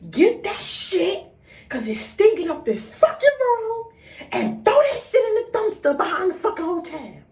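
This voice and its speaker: A woman voicing an angry mother who yells and curses at her child. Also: big pitch swings, normal speed, far from the mic, heavily acted. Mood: furious. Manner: yelling, cursing, shrill. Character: furious scolding mother, adult woman. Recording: roomy, set back from mic.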